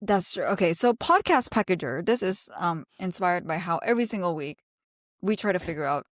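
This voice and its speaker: A woman's voice: fairly low pitch, animated, fairly quick, dry recording, clean studio sound. A woman co-hosting a podcast in casual chat, talking with plenty of fillers and laughing often. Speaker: podcast co-host.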